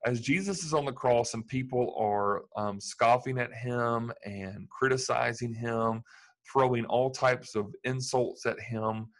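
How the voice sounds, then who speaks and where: A man's voice: medium pitch, unhurried. A man preaching a sermon in an earnest manner, building to fervent emphasis. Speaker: pastor.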